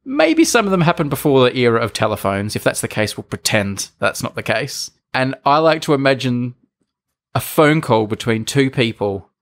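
An Australian man co-hosting a podcast in casual, playful chat. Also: very animated. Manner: playful, measured pitching. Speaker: podcast co-host.

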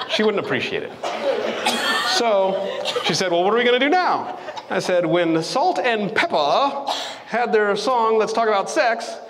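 A man telling a story in a stand-up set, acting out both sides with big jumps in pitch. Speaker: stand-up comedian. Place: comedy club stage. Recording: live club audio with long reverb and noise. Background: audience laughter.

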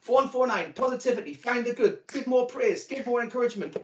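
A man with an extremely high-pitched voice talks fast, telling a comic story from his marriage and acting out the voices. He's a speaker giving a talk at a virtual event, and the audio sounds dull.

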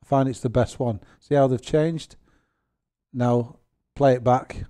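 Chatty man with a mellow voice. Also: mid-range voice, steady tone, unhurried. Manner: chatty and rambling, with self-deprecating jokes. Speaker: gaming channel host. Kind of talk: software tutorial narration.

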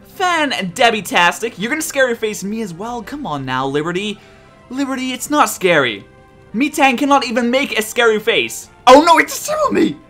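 A high, bright-voiced man gives lively gameplay commentary, his pitch swinging widely as he reacts. He talks straight at the game, swears and yells at its turns, with faint music under his voice. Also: moderate pace. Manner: excitable, swears and shouts at the game. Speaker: let's play commentator.

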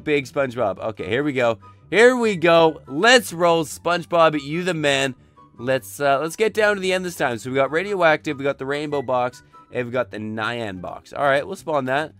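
A hoarse young man with his voice nearly gone, excitedly narrating his gameplay and yelling at each mishap. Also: medium pitch. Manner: excitable, narrates each move, frequent yells. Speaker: gaming commentator. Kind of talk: gameplay commentary.

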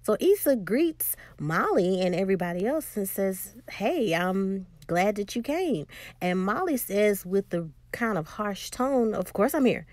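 A woman's voice: medium pitch, unhurried, no echo. A woman casually retelling a TV episode scene by scene, acting out the characters' lines as she quotes them. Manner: animated retelling with quoted dialogue. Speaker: TV episode recapper. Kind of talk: casual recap storytelling.

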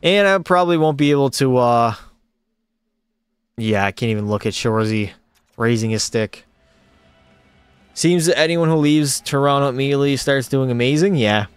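A man's voice: mid-range voice, normal speed, long pauses, clear, resonant tone, no room sound. A man streaming a hockey video game, calling the plays and chatting with his viewers. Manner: excitable play-by-play, talks to chat. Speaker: gaming streamer. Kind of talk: live gameplay commentary. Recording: faint music behind the voice.

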